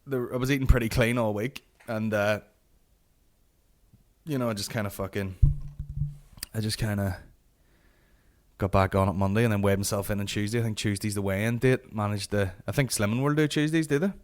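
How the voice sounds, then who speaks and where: A man's voice: fairly low pitch, fairly even intonation, a little fast, long pauses. A Northern Irish man in his late twenties, hosting a podcast with a sweary, ranting comic monologue. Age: late 20s. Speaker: podcast host.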